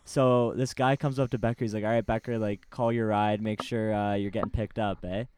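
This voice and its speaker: A man's voice: on the low side, brisk, clean tone. A young man on a podcast, telling a wild party story with plenty of swearing. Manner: animated storyteller, swears a lot. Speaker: podcast co-host. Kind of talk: casual storytelling chat.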